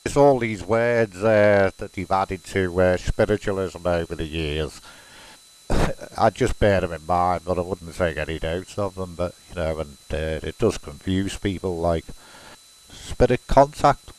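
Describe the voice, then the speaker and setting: Man, Scouse accent, lowish voice, rambling casual talk, lots of ums and restarts. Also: a little slow, poor audio. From Liverpool, England. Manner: rambling, many fillers and restarts. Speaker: self-described medium. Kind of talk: casual monologue to camera.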